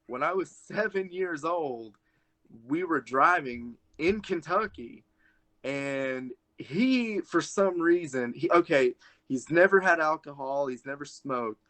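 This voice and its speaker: A man's voice: fairly high pitch, lively intonation, slow, fairly bright tone. A young man, a wrestler guest, chatting casually on a podcast and telling a rambling story full of "like"s.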